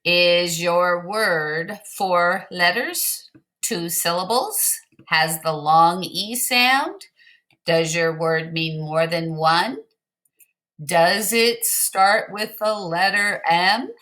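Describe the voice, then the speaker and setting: A woman teacher giving slow, clear, patient instructions to young pupils in a recorded word game lesson. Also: on the low side, a bit bright.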